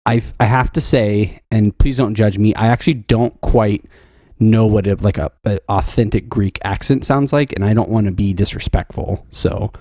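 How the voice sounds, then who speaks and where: A man's voice: lowish voice, normal speed, few pauses, dark tone, no echo, clean studio sound. An American man co-hosting a podcast, chatting casually with lots of nervous laughs and hesitations. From United States. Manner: giggly, hesitant, self-conscious. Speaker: podcast co-host.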